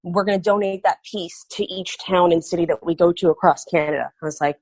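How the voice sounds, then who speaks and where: Give me an animated woman on a podcast, telling a story with acted-out quotes, dry recording. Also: on the low side, a little fast, slightly rough, dry recording. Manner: animated, acts out quoted dialogue. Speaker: guest artist.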